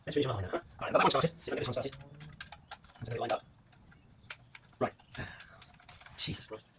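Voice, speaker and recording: A man talks his viewers through a motorcycle repair in his home garage. His casual commentary keeps slipping into muttering and swearing at the parts. He has an average pitch, and there is clear workshop noise around him. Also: fast talker. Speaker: motorcycle restoration vlogger.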